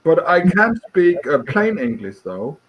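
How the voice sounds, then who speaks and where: A man from Scotland, speaking with a fairly high voice. He talks in a halting way, stopping often to search for words as a guest on a chat show. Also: big pitch swings, highs cut off. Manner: hesitant, full of pauses and "uh"s. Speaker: guest caller. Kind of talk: casual chat.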